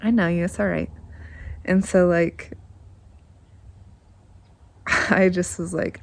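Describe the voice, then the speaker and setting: A woman in her thirties telling family stories to camera in a rambling, animated way, acting out what people said. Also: lowish voice, takes it slowly, creaky, pauses often. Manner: rambling, animated, acts out quotes, laughs often. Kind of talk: casual storytelling to camera.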